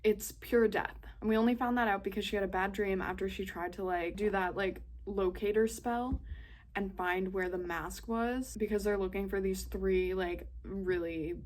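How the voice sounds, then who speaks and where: A young woman giving an excitable, casual recap of a book she is reading, full of fillers and swearing. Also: mid-range voice, moderate pace. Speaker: book vlogger.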